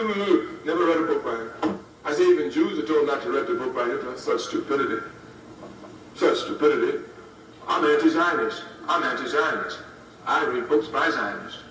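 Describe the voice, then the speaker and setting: A man's voice: high voice, pushed and bright. A man in his fifties giving a political speech to students, emphatic and repeating key phrases for effect. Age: 50s. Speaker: speaker addressing students. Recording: roomy, distant archive recording with faint hiss.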